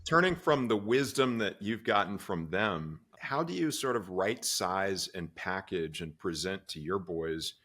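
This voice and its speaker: A man's voice: low-pitched, lively intonation, unhurried, hardly any pauses, a bit bright. A man hosting a podcast, asking questions and reflecting earnestly in long, flowing sentences. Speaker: podcast host.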